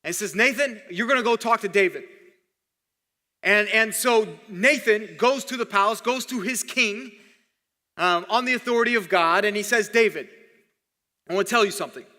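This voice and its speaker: A man's voice: high-pitched, moderate pace, bright, forceful tone, big-room sound. A man preaching a sermon as pastor, conversational and often repeating words while he thinks. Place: church hall.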